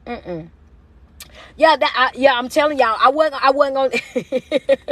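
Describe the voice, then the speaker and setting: A woman motivational speaker on a live-stream rant, loud, passionate and forceful, repeating her points like a preacher. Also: sits high, a little slow, dry recording. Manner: repetitive, preachy call-outs. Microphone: phone on a live stream.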